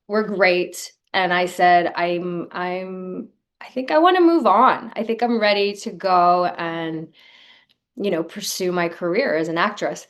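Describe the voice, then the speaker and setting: A middle-aged woman speaking as an interview guest, candid and emotional. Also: fairly low pitch. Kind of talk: casual interview chat.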